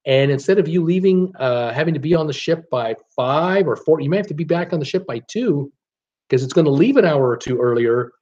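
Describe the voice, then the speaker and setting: A middle-aged man hosts a loose live stream and answers viewer comments one by one. He rambles, restarts his sentences and fills every pause with "uh". The sound is a little dull and lo-fi. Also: on the high side, animated, a little mellow. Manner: rambling, frequent "uh" and restarts, upbeat replies to viewers. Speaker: YouTube channel host reading live chat. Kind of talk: casual live-stream chat.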